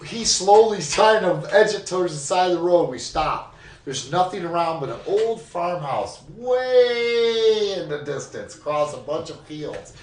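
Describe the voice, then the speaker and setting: A man telling a long hunting story on a podcast, animated and full of swearing, recorded in an echoey room with the mic set back. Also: sits high, unhurried, recorded from a distance. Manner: animated, profane yarn-spinning. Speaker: podcast guest. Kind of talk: casual storytelling.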